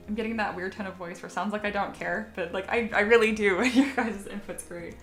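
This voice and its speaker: A woman's voice: mid-range voice, fairly even intonation, brisk, few pauses, a bit bright, reverberant, soft background music. A woman sculpting on a live stream, chatting casually with her viewers and reading their comments aloud, often poking fun at herself. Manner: chatty, self-deprecating, reads chat aloud.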